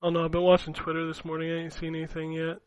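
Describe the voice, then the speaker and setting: A man's voice: fairly high pitch, monotone, rapid-fire, clean tone, no room sound, rough recording. A man co-hosting a gaming podcast, rambling and laughing as he swears his way through casual chat. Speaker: podcast co-host.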